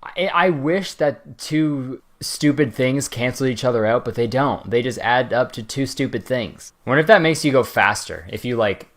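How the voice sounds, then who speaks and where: A man's voice: mid-range voice, moderate pace, fairly bright tone. Young man rambling through comedic roasts. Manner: rambling, swearing, frequent laughs and voice jumps. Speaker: commentary host. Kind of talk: casual comedic roast commentary.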